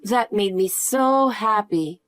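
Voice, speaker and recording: A woman's voice: mid-range voice, slow, fairly bright tone, dry recording, soft background music. A woman voicing a loving, tearful middle-aged foster mother in a scripted story reading. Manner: emotional, gushing.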